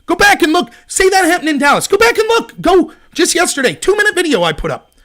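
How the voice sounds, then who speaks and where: A man with a strikingly high voice hosts his own live-streamed political commentary. He talks in an animated, indignant rant, pressing his points hard. His tone stays heated without tipping into yelling. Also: fast talker.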